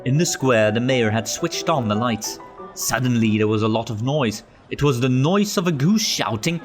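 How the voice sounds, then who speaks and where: A man narrating a children's storybook aloud, expressive, slow and gentle. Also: mid-range voice, faint music behind.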